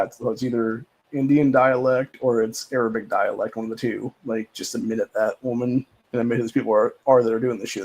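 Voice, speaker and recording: A man's voice: mid-range voice, darkish tone, breathy edge, low-quality recording. A man hosting a livestream, talking in a rambling, profane, casual rant with lots of repeated filler phrases. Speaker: livestream host.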